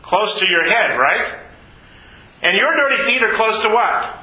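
Male pastor, animated sermon delivery, high voice, roomy church acoustics. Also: unhurried. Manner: animated preaching, acts out voices in Bible scenes.

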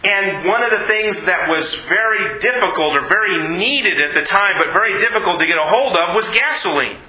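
A man preaching a sermon, emphatic, repeating words and dropping low and slow on key phrases. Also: lively intonation, pushed and bright, echoey room, rough recording.

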